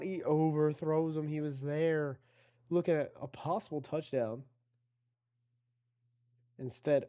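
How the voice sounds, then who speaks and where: Mellow-voiced man calling video game football. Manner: chatty, self-correcting, talks to chat, rises in pitch on big plays. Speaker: play-by-play commentator for an online video game football league. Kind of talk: casual play-by-play commentary.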